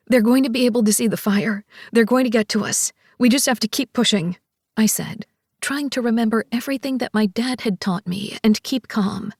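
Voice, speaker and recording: A woman narrating an audiobook romance in the first person, expressive and voicing each character. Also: fairly high pitch, no room sound, clean studio sound.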